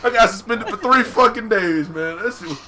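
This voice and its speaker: A man's voice: high voice, normal speed, bright, forceful tone. A young man hosting a podcast, telling a story casually, profane and laughing as he goes. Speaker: podcast host. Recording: faint background noise.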